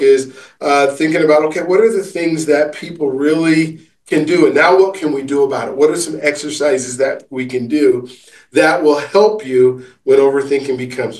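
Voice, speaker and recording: A man's voice: on the high side, darkish tone, recorded from a distance. A man, an author and coach, telling a long story in an interview, with many fillers and restarts. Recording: roomy, from off the mic.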